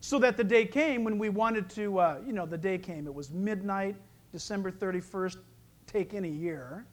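A man's voice: high-pitched, moderate pace. A middle-aged male pastor preaching a sermon, joking and acting out little voices as he goes. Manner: lively, joking preacher who acts out voices.

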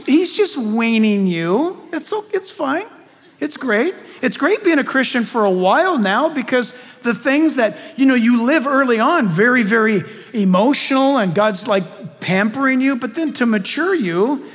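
A male pastor delivers an animated sermon to his congregation. His voice sits very high and swings from loud bursts down to hushed, quiet stretches. Long reverb from the large hall trails each phrase. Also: normal speed.

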